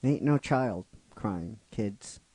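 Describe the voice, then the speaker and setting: A man's voice: fairly low pitch, lively intonation, extremely slow, darkish tone, slightly rough, dry recording. A middle-aged man casually narrating a fan-written story, rambling with frequent restarts and asides to his listeners. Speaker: narrator of a fan script series.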